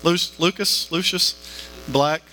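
Bright-voiced man preaching casually. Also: a little high, fairly even intonation, slow pace, slight background noise, rough recording. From northern Alabama. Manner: conversational, frequent fillers and restarts. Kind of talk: sermon.

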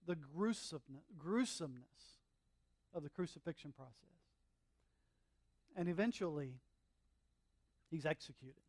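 A male pastor preaching a sermon in an animated, conversational way, with humorous asides and emphatic swings from loud to hushed. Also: on the high side, no echo.

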